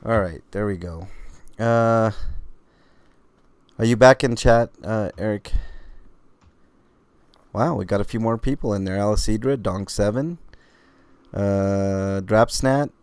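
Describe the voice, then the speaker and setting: Speaking slowly with long pauses, this podcast host has a lowish, slightly mellow voice that's clear and resonant over a dry recording. He rambles through his casual live stream in a relaxed, filler-heavy way, hiccuping while he talks.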